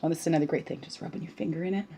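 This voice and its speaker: A woman's voice: low-pitched, racing, vocal fry, mellow, a little hiss or hum. Bubbly, chatty woman spiritual guide. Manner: bubbly, chatty, often adds "right?". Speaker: spiritual guide reading oracle cards. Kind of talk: casual spiritual teaching monologue.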